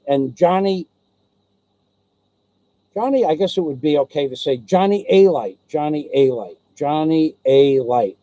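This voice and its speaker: Mellow-voiced man rambling through a story. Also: fairly high pitch, no echo, rough recording. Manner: rambling, digressive, many restarts and asides; blunt, salty street talk. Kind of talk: casual personal anecdote.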